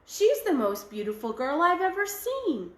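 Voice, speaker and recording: A woman's voice: extremely high pitch, big pitch swings, moderate pace, echoey room, pitched above the performer's own voice. A woman voicing a polite, gallant male knight who speaks in a formal, courteous manner. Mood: courtly.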